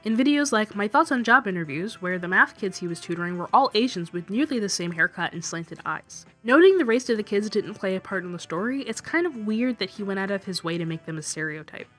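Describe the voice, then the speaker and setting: A woman reads a scripted callout video essay in an even, accusatory tone. Her voice sits in a middle register. Faint music plays beneath. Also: medium pitch, brisk, hardly any pauses.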